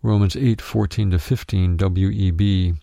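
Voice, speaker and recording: A deep-voiced man reads a Bible study aloud, his tone low and gravelly. He speaks in a measured, steady way and reads each verse reference out plainly. The sound is close and dry, with no room around it. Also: no room sound. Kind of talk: scripted narration of a written teaching.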